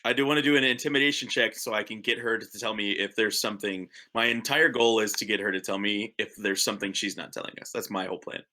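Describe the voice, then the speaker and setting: A man chatting as a player in a tabletop game, excitable and often repeating himself. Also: fairly low pitch, quick pace, few pauses. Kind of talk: tabletop role-play chat.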